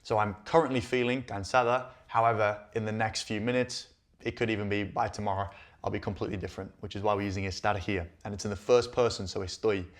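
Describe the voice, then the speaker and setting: A man's voice: on the low side, steady tone, fast talker. A man hosting a Spanish lesson, explaining each line and checking in with listeners often. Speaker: Spanish teacher and channel host. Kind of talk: language lesson.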